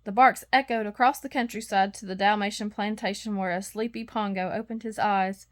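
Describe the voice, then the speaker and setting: A woman reading a bedtime storybook aloud, expressive and acting out the sound effects. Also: medium pitch, a little fast. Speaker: storybook reader.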